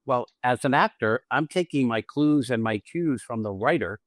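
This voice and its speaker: An acting teacher hosts his podcast with a medium-pitched, expressive voice at a moderate pace, recorded at studio quality with no room sound. His talk is casual and animated, with free swearing and small scenes acted out through quoted lines.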